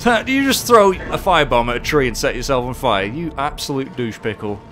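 A man doing casual live commentary while playing, excitable, swearing often and chatting with his viewers. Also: mid-range voice, brisk, soft background music. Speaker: game streamer.

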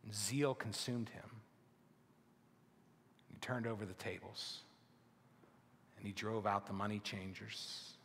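A male pastor preaching a sermon in an emphatic, deliberate way, with his phrases often sinking to a hushed close. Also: on the low side, fairly even intonation, creaky, slightly rough, big-room sound. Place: church sanctuary.

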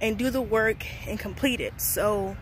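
A woman's voice: mid-range voice, unhurried, a little hiss or hum. A young woman, a college student vlogger, venting and rambling casually to her viewers with lots of filler words. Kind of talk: casual vlog talk to camera.

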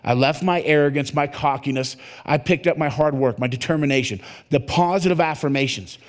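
A man giving a motivational keynote talk, telling his story in an animated way and acting out the dialogue. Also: on the high side, brisk. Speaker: motivational speaker. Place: conference hall at a resort.

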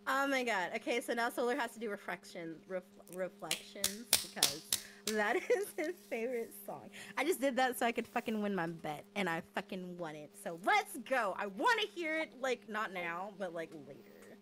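A woman's voice: medium pitch, expressive, moderate pace, background noise. A woman streamer chatting casually on a karaoke stream, giggly and self-mocking, swearing freely.

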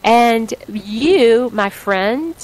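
A woman's voice: fairly high pitch, expressive, drawn-out words, low-quality recording. Chatty radio host woman, playful Southern drawl. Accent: put-on Southern US. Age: middle-aged. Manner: chatty, rambling, laughs often. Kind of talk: casual radio chat.

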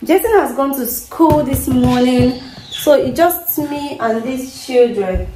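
A woman's voice: high voice, roomy sound, far from the mic, music in the background. A young Nigerian woman, a mother, talking casually to her viewers at home and cooing over her baby in a sing-song voice. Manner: doting, sing-song baby talk mixed with quick asides to viewers. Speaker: vlogger and mother. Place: home kitchen and living room. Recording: noisy home recording.

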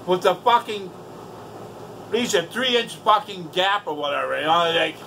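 High-voiced man, casual profane rant, exasperated storyteller. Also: moderate pace, creaky, pushed and bright, slight background noise, poor audio. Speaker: vlogger.

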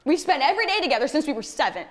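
A woman's voice: sits high, very animated, rapid-fire. Give me a woman playing a desperate, intense young friend in an acting class scene, in a reverberant room. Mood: pleading. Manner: intense, pleading, outbursts of shouting.

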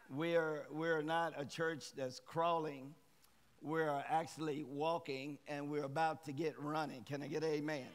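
A middle-aged man preaching in a church with lively energy. He calls out to the congregation for responses in a fairly high, bright-edged voice. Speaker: guest preacher. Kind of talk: sermon. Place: church sanctuary.

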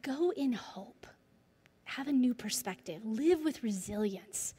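A middle-aged woman giving a devotional talk, telling stories with lively energy and dropping to near-whispers for emphasis. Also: fairly high pitch, slightly rough. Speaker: speaker. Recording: long hall reverb.

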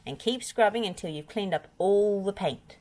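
A woman's voice: mid-range voice, moderate pace, dark tone, pitched above the performer's own voice, natural voice. A woman doing a stern, scolding old farmer. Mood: cross. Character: stern older male farmer, cross and bossy.

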